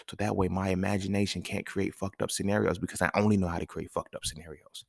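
A man's voice: lowish voice, fast talker, creaky, hardly any pauses, no echo, clean studio sound. A man hosting a podcast, talking in a casual, emphatic monologue full of slang and swearing, often checking in with his listeners. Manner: emphatic, slangy, profane, asks listeners questions. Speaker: podcast host.

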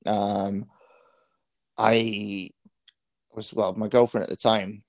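A man's voice: fairly low pitch, little pitch movement, slow pace, a little mellow, dry recording. A man in his thirties with a Scottish accent, a guest telling frank, self-deprecating stories in a casual interview. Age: 30s.

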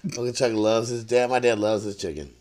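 A young man co-hosting a podcast, telling stories in a profane, animated way and acting out the sounds as he goes. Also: mid-range voice, brisk. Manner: profane, animated storytelling with voiced sound effects. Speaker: podcast co-host. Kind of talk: casual podcast chat.

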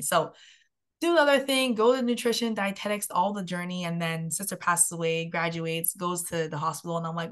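A young woman, a health and mindset coach, telling a personal story as a podcast guest, animated and full of "like" fillers. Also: fairly low pitch, brisk.

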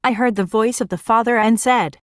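A woman's voice: fairly high pitch, brisk, no room sound, clean studio sound. A woman giving a first-person religious vision testimony in an earnest, plain storytelling manner.

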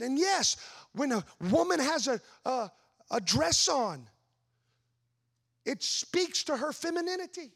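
A man's voice: extremely high pitch, slow pace, gravelly, pauses often. A man preaching a sermon as pastor, telling a story with rhetorical questions to the congregation. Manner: animated storytelling with voiced asides.

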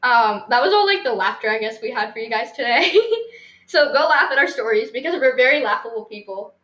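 Giggly teen girl with a bright voice. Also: a little high, lively intonation, brisk, echoey room, low-quality recording. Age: teens. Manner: giggly, rambling, lots of fillers. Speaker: podcast host. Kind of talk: casual storytelling chat.

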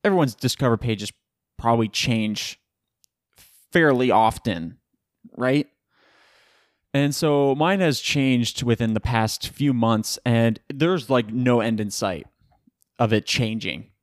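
A man's voice: mid-range voice, takes it slowly, pauses often, no room sound, clean studio sound. A young man hosting a solo podcast in a casual, rambling style, often correcting himself mid-sentence. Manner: rambling, self-correcting, animated asides. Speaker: podcast host.

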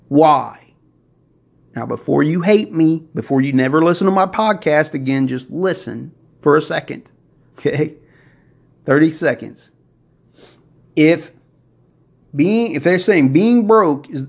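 A man hosting a motivational podcast, preaching excitedly and working himself up as he talks. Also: a little high, slow, long pauses. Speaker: podcast host. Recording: dull lo-fi recording.

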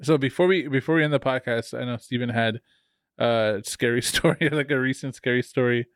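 A man's voice: mid-range voice, brisk, no echo, clean studio sound. A man hosting a podcast in casual chat, laid-back and swearing. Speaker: podcast host.

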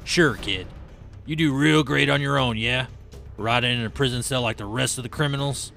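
A man voicing a gruff, scornful old male mentor who speaks sarcastically. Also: medium pitch, moderate pace, fairly bright tone, faint music behind. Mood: sarcastic. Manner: sarcastic, scolding.

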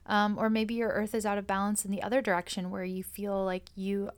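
Woman, mid-pitched voice, earnest, gentle, reflective spiritual talk, soft whispery moments. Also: little pitch movement, a little fast, clear, resonant tone.

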